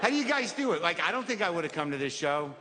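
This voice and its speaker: Middle-aged male comic, high voice, neurotic, long live reverb. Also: big pitch swings, fast, very noisy. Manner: neurotic, self-deprecating, rambling asides. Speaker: stand-up comedian. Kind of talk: stand-up routine. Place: comedy venue stage. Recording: live hall reverb with audience.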